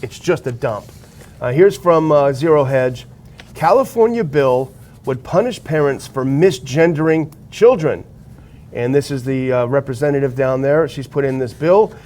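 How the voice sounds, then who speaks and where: A man's voice: mid-range voice, expressive, normal speed, darkish tone. A man co-hosting a political talk show, reading news articles aloud and adding blunt remarks of his own. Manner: reads article quotes and adds blunt remarks. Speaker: show co-host.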